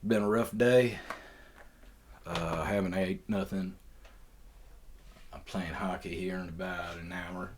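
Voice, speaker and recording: A rambling good-old-boy with a put-on Southern drawl, as a podcast host fakes it, talking in a very deep, low voice. He tells his story loosely and mocks himself as he goes. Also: steady tone, slow, long pauses, a little hiss or hum. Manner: rambling, self-mocking, loose. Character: man faking a Southern drawl. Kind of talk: casual storytelling monologue.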